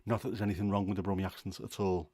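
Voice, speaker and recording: A man's voice: low-pitched, little pitch movement, rapid-fire, warm tone, no echo, studio quality. A man hosting a casual livestream, chatty and opinionated, rambling with fillers. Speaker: livestream host.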